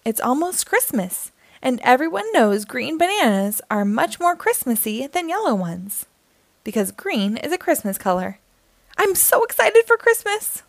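A woman voicing an excitable little female bird who chirps and gushes in a storybook. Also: a little high, moderate pace, no echo. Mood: excited. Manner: chirpy, gushing.

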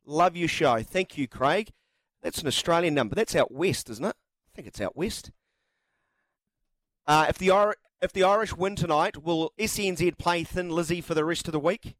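A man's voice: fairly high pitch, moderate pace, fairly bright tone, dry recording. A man hosting talkback sports radio, chatting and reading out listener texts. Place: radio studio.

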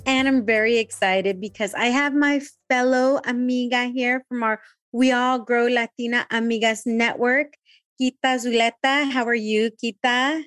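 A woman's voice: fairly high pitch, fairly even intonation, unhurried, fairly bright tone, no room sound, clean studio sound, faint music behind. A woman hosting a podcast, chatty and gushing, sprinkling Spanish words into her English. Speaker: podcast host. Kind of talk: casual interview chat.

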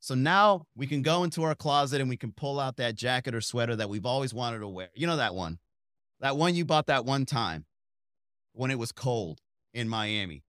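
A man's voice: medium pitch, a bit bright, dry recording, clean studio sound. A man hosting a comedy podcast, riffing solo in a conversational way, asking the listener rhetorical questions and acting out quoted people in exaggerated voices.

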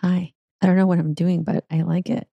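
A woman's voice: fairly low pitch, little pitch movement, brisk, vocal fry, mellow, breathy edge, no echo, dull audio. A woman co-hosting a podcast in casual chat, playful and joking, laughing along with her co-host.

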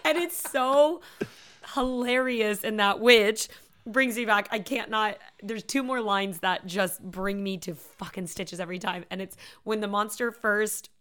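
A young woman chatting about films as a podcast co-host, her voice bright and edged with tension. She talks in an animated way, laughs often, and throws herself into loud, big renditions of the lines she quotes. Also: medium pitch, unhurried. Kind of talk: casual film chat.

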